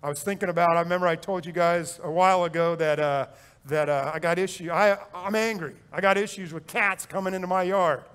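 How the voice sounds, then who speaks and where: A man preaching a sermon as pastor, swinging between loud urging and quiet reflection, repeating phrases and joking with the congregation. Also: high-pitched, steady tone, brisk, clear, resonant tone. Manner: repeats phrases for effect, jokes and chuckles.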